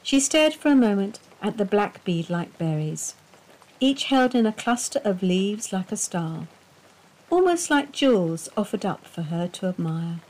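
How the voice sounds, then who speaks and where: A woman reading a dark domestic story aloud in measured, expressive audiobook narration. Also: medium pitch.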